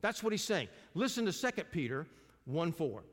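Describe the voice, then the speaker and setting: A man's voice: a little high, very animated, moderate pace. An older man preaching a sermon to a congregation in a folksy, conversational way, asking them questions as he goes. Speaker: pastor. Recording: long reverb of a large hall.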